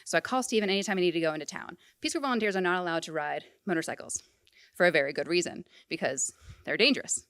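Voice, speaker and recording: A young woman telling a personal story to a live audience, animated and comic. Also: on the low side, no room sound, clean studio sound. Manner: animated, comic, quick bursts. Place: event hall before an audience.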